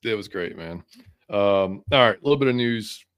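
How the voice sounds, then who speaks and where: Low-voiced, laid-back man. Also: animated, moderate pace, a bit bright, no room sound. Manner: laid-back, many fillers, reads out team news. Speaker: podcast co-host. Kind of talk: casual chat.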